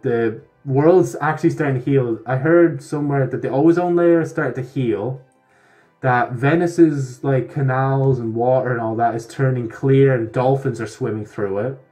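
A young man rambling through a casual vlog, laughing and tripping over his words as he goes. His voice sits at a middle pitch, with faint music playing behind him. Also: warm tone. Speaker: vlogger.

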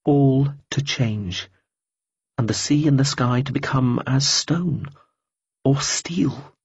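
A man voicing a calm, withdrawn older woman who speaks slowly and quietly, in a dull lo-fi recording. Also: fairly high pitch, slightly rough, pitched above the performer's own voice, exaggerated voice. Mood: brooding.

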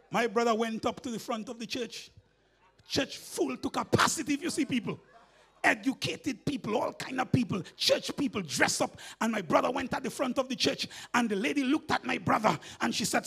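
A man with a Grenadian accent preaching a sermon in church, telling a story with laughter and building to shouts. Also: very high voice, expressive, moderate pace, vocal fry, slightly rough.

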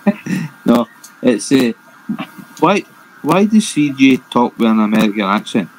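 A man chats casually on a stream panel. He sounds puzzled and halting, with frequent stops and restarts. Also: medium pitch, big pitch swings, soft background music, poor audio. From Scotland. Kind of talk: casual chat.

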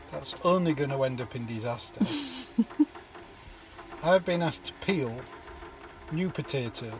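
A man's voice: fairly high pitch, low-quality recording. A man in a camper van joking and mock-grumbling while he cooks on camera. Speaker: vlogger cooking in a camper van. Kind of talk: casual chat. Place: camper van outdoors at a campsite.

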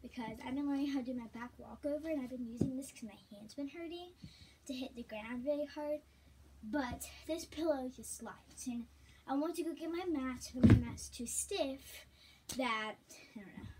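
A woman chatting casually in a gymnastics tutorial vlog, rambling and sometimes dropping into soft, whispery asides. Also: high-pitched, normal speed, very noisy. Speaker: vlogger teaching gymnastics.

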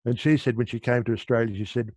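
A man's voice: medium pitch, steady tone, fast talker, a little mellow, no room sound. A middle-aged man explaining meditation in an easygoing, conversational way, often restarting his sentences. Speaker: meditation teacher.

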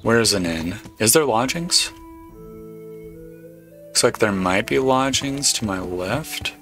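A man giving relaxed let's play commentary, swearing casually as he plays. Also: medium pitch, slow, faint music behind. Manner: laid-back, swears casually. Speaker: gamer.

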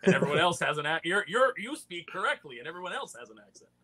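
A man's voice: high voice, big pitch swings, quick pace. Musing male co-host with chatter behind. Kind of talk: casual livestream chat.

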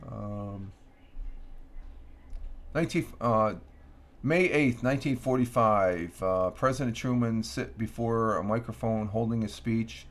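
A man's voice: fairly low pitch, unhurried. A man hosting a casual morning livestream from home, rambling through the day's notes with many restarts and fillers. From Upstate New York. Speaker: livestream host. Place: home room.

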